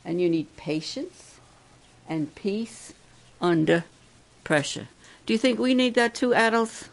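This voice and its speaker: A woman's voice: mid-range voice, lively intonation, takes it slowly, vocal fry, long pauses. An older woman giving a sermon at a camp, coaxing her listeners with many questions. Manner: coaxing, asks the crowd questions. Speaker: camp speaker.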